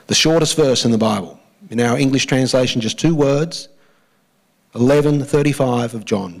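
An Australian man preaching a sermon in an ordinary, mid-range voice. He leans hard on key phrases, slows right down to repeat them, and has the congregation say the lines back to him. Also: mid-range voice, animated, low-quality recording. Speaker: pastor. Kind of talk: church sermon.

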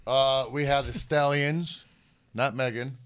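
A man's voice: mid-range voice, steady tone, slow, fairly bright tone, clear, resonant tone. Profane rambling man, podcast co-host. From Michigan. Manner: profane, rambling storytelling with lots of "like". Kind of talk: casual chat.

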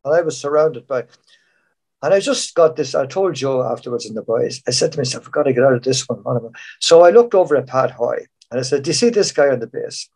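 A man's voice: medium pitch, animated, quick pace, a little mellow, breathy edge. An older Irish man, a former showband musician, telling rambling stories from his touring years in an online panel. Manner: rambling anecdotal storytelling.

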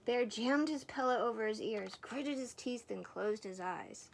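A woman's voice: fairly high pitch, measured pace, creaky, a little hiss or hum. Older woman reading a bedtime story. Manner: expressive, drops to soft whispers. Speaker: storybook reader. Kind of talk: reading a picture book aloud.

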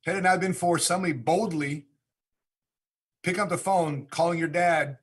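A man's voice: fairly high pitch, fairly quick, husky. A man hosting a podcast, talking in a conversational way with hesitant fillers. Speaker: podcast host. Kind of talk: casual podcast talk.

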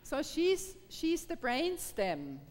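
A high-voiced woman, a Feldenkrais trainer, teaches a live workshop through an interpreter in a reverberant hall. Her pitch swoops wildly and her tone is darkish. She speaks haltingly, repeats words, laughs often, and sounds encouraging.

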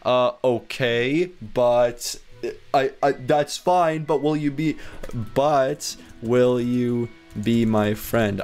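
A young man giving playful gameplay commentary, laughing often and reading chat aloud in a slow, dopey voice. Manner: excitable, laughs often, jumps higher when panicked. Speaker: gaming video host. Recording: faint background music.

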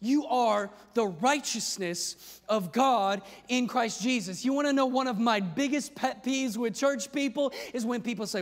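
A male pastor preaching a sermon with impassioned delivery, at times rising to a shout. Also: very high voice, measured pace. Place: large church hall. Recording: long reverb of a large church hall.

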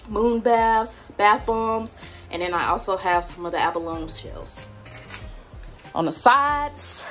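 A woman's voice: on the low side, a bit bright. A young adult woman giving a casual tour of her spa treatment room, listing items in a chatty way with lots of "like" and "um". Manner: chatty, filler-heavy listing with many "like" and "um". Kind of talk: casual walkthrough vlog.

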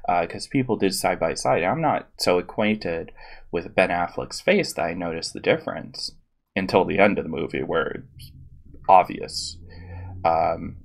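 Deep gravelly guy rambling thru a movie review, lots of ums, kinda wry. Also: animated, normal speed. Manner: rambling, wry, hesitant with many fillers. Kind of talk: casual spoken review. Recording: audio popping.

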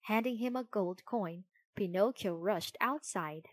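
A woman reading a children's storybook aloud in a clear, deliberate way. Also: medium pitch, a little hiss or hum. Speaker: narrator.

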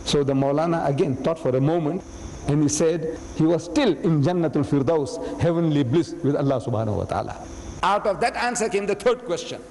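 Man, high-pitched voice, dramatic storytelling lecture, long hall reverb. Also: lively intonation, a little fast, darkish tone, a little hiss or hum. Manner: dramatic, emphatic retelling with repeated punchlines. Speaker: religious lecturer.

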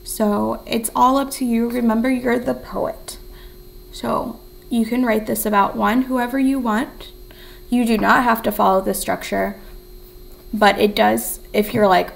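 A woman's voice: on the high side, fairly even intonation, unhurried, creaky, low-quality recording. A young woman teaching a remote writing lesson, encouraging and thinking aloud as she writes. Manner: counts syllables in a soft whisper.

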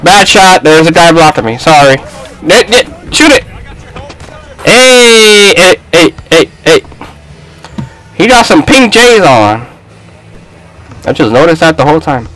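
A man giving live commentary over a basketball video game, excitable and trash-talking his teammates. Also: a little high, a little slow, long pauses, faint music behind, low-quality recording. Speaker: gaming YouTuber.

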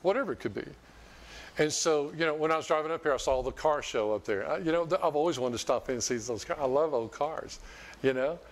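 A man's voice: a little high, quick pace. An older man preaching a sermon as pastor, folksy and rambling, restarting and repeating words as he talks to his church. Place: church sanctuary.

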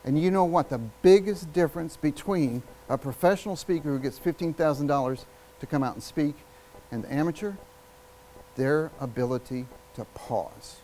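Man, workshop presenter, slightly high voice, energetic, plays with pace and pauses, faint background noise. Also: low-quality recording. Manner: energetic, emphatic, varies speed and volume with long pauses. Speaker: public speaking workshop presenter. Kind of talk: live workshop talk. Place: workshop room with an audience.

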